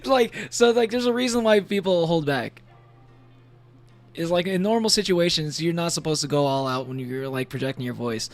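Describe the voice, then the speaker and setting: Faint music plays behind a man streaming from home as a VTuber, chatting while he games. He speaks at a moderate pace in a fairly high pitch, wandering between thoughts and laughing frequently.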